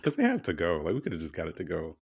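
A man's voice: deep voice, huge pitch swings, rapid-fire, slightly rough. A man co-hosting a podcast, telling a candid, chatty story in casual conversation with some swearing. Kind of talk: casual chat.

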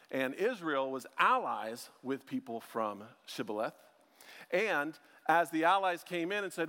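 A man's voice: a little high, a bit bright. A man preaching a casual conversational sermon, chatty and joking, with self-deprecating asides as a ministry school teacher. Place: church sanctuary. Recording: long hall reverb.

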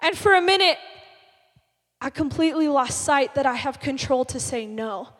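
A young woman giving a sermon as a youth speaker, talking in an animated, chatty, emphatic way. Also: sits high, moderate pace. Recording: long reverb of a large hall.

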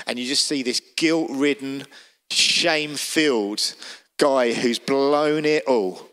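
A man's voice: medium pitch, slow, fairly bright tone. A man preaching a sermon, telling the story vividly and with emphasis.

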